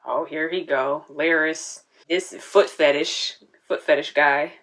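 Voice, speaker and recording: A woman's voice: deep voice, steady tone, slow, fairly bright tone. A woman hosting a casual reaction video, chatting and talking back at the screen.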